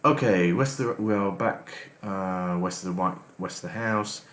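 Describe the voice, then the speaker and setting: A man's voice: low voice, normal speed, hardly any pauses. A man giving casual let's-play commentary as host, reading game text aloud between his comments. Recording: echoey room with faint noise.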